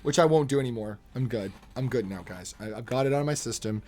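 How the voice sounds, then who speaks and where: A young man chatting casually on a live stream, animated, laughing often and slipping into quick impressions. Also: mid-range voice.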